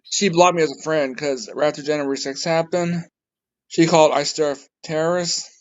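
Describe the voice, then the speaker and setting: A man's voice: fairly high pitch, steady tone, moderate pace. A man chatting as a guest on a video call, eager to tell his stories. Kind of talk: casual video-call chat. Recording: dull lo-fi call audio.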